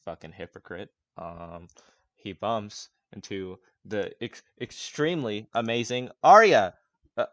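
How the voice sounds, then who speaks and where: Casual swearing game master, dry close sound. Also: male voice, medium pitch, a little slow, a bit bright, no echo, highs cut off. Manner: casual, hesitant, swears often, laughs. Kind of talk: narrating a tabletop game.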